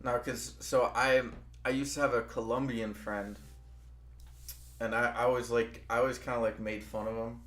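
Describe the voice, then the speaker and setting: The young stream host rambles through casual chat, restarting constantly and dropping "bro" again and again. His mid-range voice is flat, fairly bright, and moderately paced, with a roomy sound.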